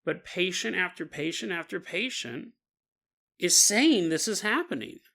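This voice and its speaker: A man's voice: sits high, animated, a little slow, creaky, sharp tone. A man hosting a podcast, telling a spooky story in a casual way with chuckling asides. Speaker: podcast host. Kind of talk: storytelling narration.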